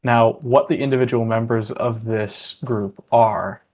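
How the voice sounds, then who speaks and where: A man runs a tabletop game in a relaxed, mid-pitched voice. He narrates casually, wandering through asides and fillers. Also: unhurried. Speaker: game master.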